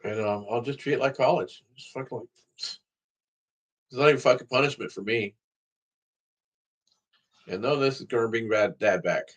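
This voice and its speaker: A man's voice: mid-range voice, normal speed, pauses often, breathy edge. A man talking straight to the camera in a casual vlog, rambling and swearing freely. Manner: profane, rambling talk to camera. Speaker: vlogger.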